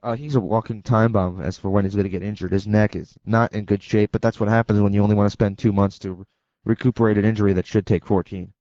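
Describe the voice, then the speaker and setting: A man's voice: on the low side, fairly even intonation, mellow, no echo. A man co-hosting a radio talk show, giving blunt, opinionated takes and launching into rants. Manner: blunt, opinionated, quick to rant. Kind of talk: casual radio debate. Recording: dull dry AM radio broadcast.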